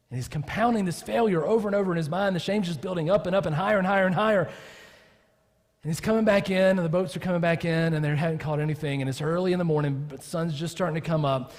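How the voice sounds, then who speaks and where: A man preaching from the pulpit, telling his story with animated energy and slipping into the voices of the people he quotes. His voice sits a little high for a man. A long church reverb trails behind every phrase. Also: fast. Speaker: pastor. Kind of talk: sermon.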